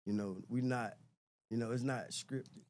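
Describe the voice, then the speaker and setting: This podcast guest is a middle-aged man with a medium-pitched, darkish voice and an unhurried, steady delivery. He talks in a relaxed, reflective way, frequently repeating words as he hunts for what to say.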